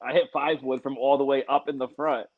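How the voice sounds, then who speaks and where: A man's voice: medium pitch, fairly even intonation, fairly quick. Laid-back guy on a golf podcast, muffled lo-fi sound, lots of "bro". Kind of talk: casual chat. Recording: dull lo-fi sound.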